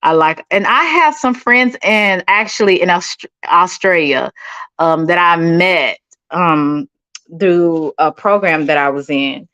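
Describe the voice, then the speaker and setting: A woman's voice: fairly low pitch, slow, pushed and bright, clean tone, dry recording. A middle-aged woman from Dallas with a Texan accent, chatting sassily with viewers on a livestream. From Dallas, Texas. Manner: sassy and chatty, calls people honey and baby. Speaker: livestream host. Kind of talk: casual chat reading viewer comments.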